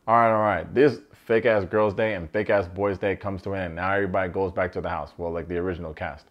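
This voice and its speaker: A man with a fairly low voice rattles through a reality-show recap, throwing in slang and wisecracks as he goes. His commentary is loose and animated. The recording sounds a little dull and lo-fi. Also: fast talker. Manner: animated, slangy, joking asides.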